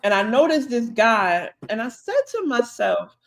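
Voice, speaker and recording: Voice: medium pitch, sing-song, gravelly, fairly bright tone. Podcast co-host, casual storyteller, chatty, mid-range voice. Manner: chatty, drawn-out anecdote with quoted dialogue.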